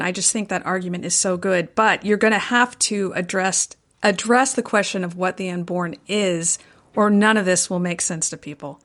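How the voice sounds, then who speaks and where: A woman co-hosting an apologetics discussion, talking in a measured, gentle way as she reasons a question through. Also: mid-range voice. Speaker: podcast co-host.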